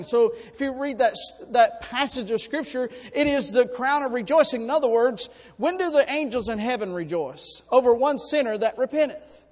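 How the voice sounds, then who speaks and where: A man preaching a sermon, folksy and animated, telling personal stories. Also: very high voice, moderate pace, hardly any pauses. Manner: folksy, animated storytelling with sudden loud bursts. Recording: long hall reverb.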